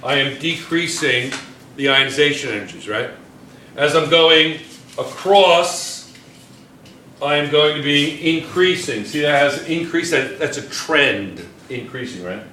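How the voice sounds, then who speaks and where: Bright-voiced man teaching chemistry in an echoey classroom. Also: a little high, a little slow, distant mic. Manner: repetitive, checks in often with students. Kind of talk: classroom lecture at a whiteboard. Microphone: camera in the room. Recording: echoey classroom with faint room noise.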